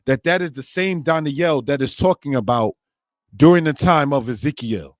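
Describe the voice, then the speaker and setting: A man's voice: on the high side, moderate pace, no room sound. A man teaching a scripture lesson, often calling his listeners brothers and sisters, who reads passages aloud and comments on them. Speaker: Torah teacher.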